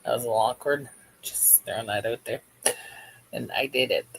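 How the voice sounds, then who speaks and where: A man's voice: mid-range voice, moderate pace, creaky, a little hiss or hum, poor audio. A man hosting a crochet livestream, chatting casually and jokily while reading the live chat aloud as he works.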